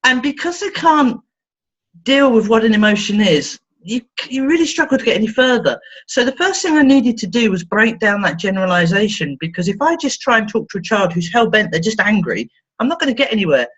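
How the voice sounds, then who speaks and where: Woman therapist, interview guest, lively swooping delivery, husky tone, dull lo-fi sound. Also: fairly quick. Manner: playful, acts out quoted voices with big pitch swings. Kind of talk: animated storytelling in conversation.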